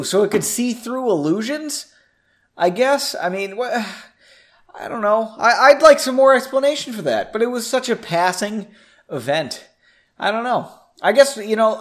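Male podcast host, casual and self-deprecating, lively up-and-down voice, slightly high. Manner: self-deprecating, rambling, laughs at himself. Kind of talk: casual solo podcast chat. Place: home basement.

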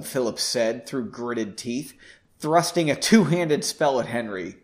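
A man's voice: medium pitch, animated, slow. A man hosting a podcast, reading a novel aloud with chatty, self-deprecating asides. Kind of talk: casual story reading with asides.

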